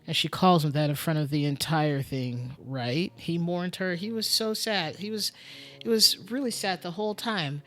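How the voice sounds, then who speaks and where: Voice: mid-range voice, moderate pace, a bit bright, soft background music. A streamer thinking aloud during a casual live-stream game commentary, muttering and musing with lots of fillers.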